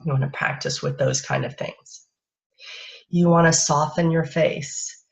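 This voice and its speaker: A woman parenting coach giving a live-streamed talk in a soft, unhurried, lulling way, speaking into a webcam or phone. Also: low voice, vocal fry. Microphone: webcam or phone on a live video stream. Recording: dull lo-fi stream audio.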